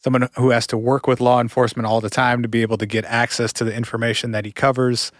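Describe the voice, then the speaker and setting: A man's voice: medium pitch, little pitch movement, fast, no room sound. Man retelling a case, dry close mic. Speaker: podcast co-host telling the stories. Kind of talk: casual podcast storytelling.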